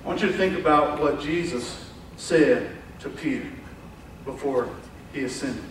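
A man's voice: medium pitch, measured pace, slight background noise. Preaching man in an echoey church. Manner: animated, acts out quoted voices, swings from loud to hushed. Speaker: pastor. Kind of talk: sermon. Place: church sanctuary. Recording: echoey church hall from far off.

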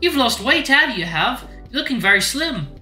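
Agnes, a man putting on a doting furry mother with a thick warm accent. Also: very high-pitched, very animated, normal speed, echoey room, faint music behind, voice pushed up, full character voice. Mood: fussing, affectionate.

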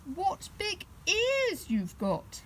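A woman voicing a small, polite boy teddy bear in a children's storybook, pitched up and timid. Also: very animated, unhurried, slight background noise, low-quality recording. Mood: fearful. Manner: high, polite and increasingly frightened.

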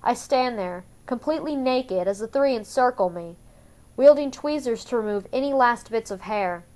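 Woman reading a novel aloud, slightly high. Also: animated, moderate pace, a little mellow. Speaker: audiobook reader. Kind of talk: first-person novel narration.

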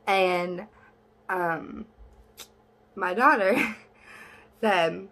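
This is a young woman talking casually to her own camera. She is blunt and sassy, swears without a second thought, and shoots up high in pitch whenever something annoys her. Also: a little slow. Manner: voice jumps high when exasperated. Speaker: vlogger.

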